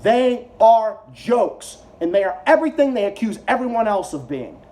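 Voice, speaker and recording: A man's voice: sits high, very animated, moderate pace, dark tone. A man giving a heated, profane reaction rant to video clips, talking as a YouTube commentator.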